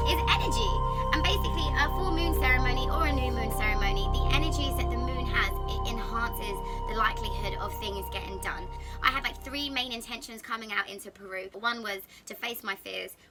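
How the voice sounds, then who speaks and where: A young woman, telling a personal story to camera in a chatty, candid and expressive way, sitting on a sofa at home. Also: on the high side. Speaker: vlogger.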